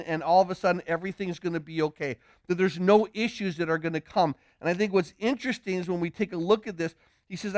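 A male pastor preaching a sermon, animated, asking the listeners rhetorical questions and acting out quoted pleas. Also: high-pitched, no echo, clean studio sound.

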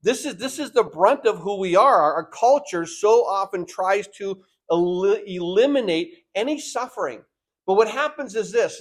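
High-voiced older man preaching a sermon. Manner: rhetorical questions, repeats words, acts out quoted voices. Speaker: pastor.

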